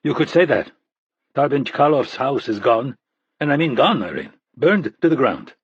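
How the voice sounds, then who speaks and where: Guy doing a stressed spy boss w a faint russian accent, swears a lot, husky, kinda muffled dry audio. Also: medium pitch, big pitch swings, moderate pace, no echo, pitched above the performer's own voice, full character voice. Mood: agitated. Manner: agitated, swearing. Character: stressed male CIA Russia chief, profane and blunt.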